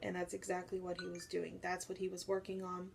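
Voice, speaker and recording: A young woman telling a personal faith story to her viewers, animated and acting out what people said. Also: on the low side, brisk, gravelly, slight background noise. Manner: animated storytelling, acts out quoted voices. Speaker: faith vlogger. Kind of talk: personal testimony to camera.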